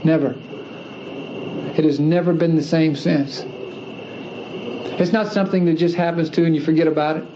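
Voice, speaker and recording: A man's voice: on the high side, steady tone, moderate pace, pauses often. A man giving an earnest personal religious testimony, emphatic and repeating key phrases for stress. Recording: dull lo-fi archive recording with faint hiss.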